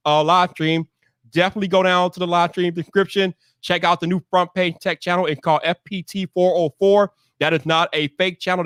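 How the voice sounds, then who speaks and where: Excitable man hosting a live stream. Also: high voice, no echo, clean studio sound. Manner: energetic, shouting greetings to viewers. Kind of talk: casual live stream chat.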